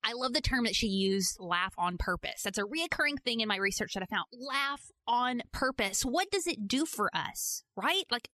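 Playful, animated woman podcast host. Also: medium pitch, moderate pace, few pauses, no echo, studio quality. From Georgia, US. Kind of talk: casual podcast narration.

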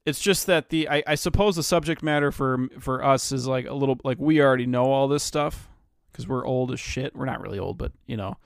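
A man's voice: mid-range voice, brisk, creaky, clear, resonant tone, dry recording, studio quality. A man co-hosting a podcast, talking about anime in an enthusiastic, slangy, joking manner. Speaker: podcast co-host. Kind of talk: casual podcast chat.

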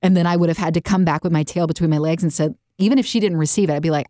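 A woman hosting a faith-based podcast, chatting and telling stories with animated, lively delivery and quick jumps into voices. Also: on the low side, no echo, clean studio sound. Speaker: podcast host.

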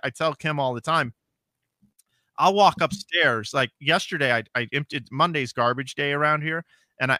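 A man's voice: mid-range voice, bright, forceful tone, no room sound. A man in his forties chatting casually as a podcast co-host, telling rambling self-deprecating stories with many restarts. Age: 40s. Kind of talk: casual chat.

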